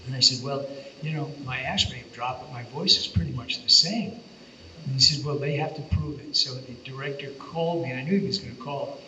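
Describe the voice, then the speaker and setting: A man's voice: medium pitch, fairly quick, bright, forceful tone, slight background noise. An older man, a voice actor on a convention panel, telling playful anecdotes. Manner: playful storyteller, slips into character voices. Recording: echoey hall from far off, dull sound.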